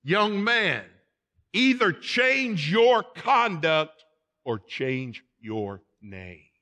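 A man's voice: medium pitch, slow pace, pushed and bright, long reverb tail. A preacher voicing a stern commanding king. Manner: commanding, emphatic. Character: stern ancient male king judging a deserter.

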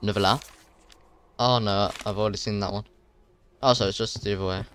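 A young man giving jumpy, excitable commentary while playing a horror game for his viewers. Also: lowish voice, brisk, a little hiss or hum. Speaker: gaming channel host.

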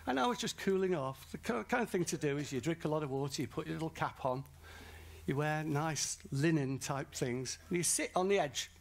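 A man's voice: on the high side, expressive, brisk, gravelly. A man from northern England with a Northern English accent, preaching a sermon at a festival and telling a comic story. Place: large festival tent or hall.

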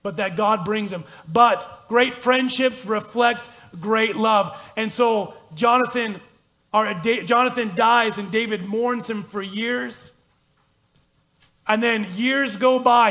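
A man's voice: high voice, pushed and bright. A man pastor preaching a conversational, self-deprecating sermon and reading scripture aloud in a church. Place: church sanctuary.

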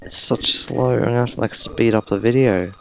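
A man's voice: medium pitch, a little fast, creaky, poor audio. A young man giving casual let's-play commentary, thinking aloud and reacting to the tutorial as he plays. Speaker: gamer.

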